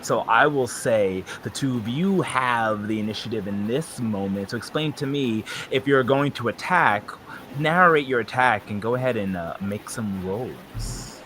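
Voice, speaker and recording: A man's voice: medium pitch, animated, measured pace, fairly bright tone, slight background noise. Man running a tabletop game. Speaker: game master.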